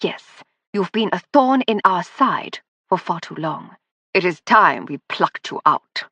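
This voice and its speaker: A cold, mocking spy speaks with clipped politeness and a husky edge, as a woman narrator puts him on. His dry, close voice carries a steady threat. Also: on the low side, a little slow, no room sound, exaggerated voice. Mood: menacing. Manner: sneering, coldly polite. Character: arrogant German male spy, cold and mocking.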